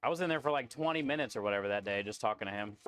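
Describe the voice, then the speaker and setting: A man's voice: mid-range voice, animated, very fast, fairly bright tone, smooth, dry recording. A man, a food truck cook, chatting casually with viewers on a live stream and joking around.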